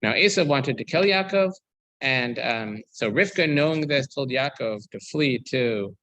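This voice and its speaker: A bright, clear-toned man teaches a weekly Torah class as its rabbi. He reads verses aloud and then explains them, thinking aloud with frequent ums and restarts. His voice sits at an average pitch. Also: animated, measured pace, no room sound, rough recording. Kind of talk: reading and explaining scripture to a class.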